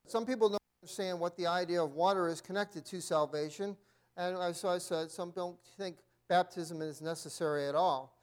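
High-voiced male Bible class teacher who often clears his throat. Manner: frequent throat clearing, reads aloud from notes. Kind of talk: church Bible lesson.

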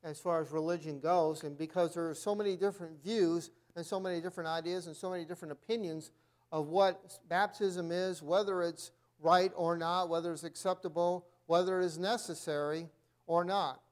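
High-voiced male Bible class teacher who often clears his throat. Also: fairly even intonation, moderate pace. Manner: frequent throat clearing, reads aloud from notes. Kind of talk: church Bible lesson.

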